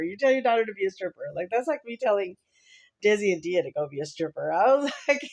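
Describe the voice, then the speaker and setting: A woman's voice: on the low side, sing-song, brisk, darkish tone, muffled recording. Woman, vlogger, casual rambling chat, chatty, laughs often.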